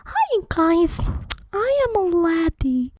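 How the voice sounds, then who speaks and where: A woman doing a playful whispered role-play in a soft voice. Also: extremely high pitch, very animated, slow pace, no room sound, poor audio.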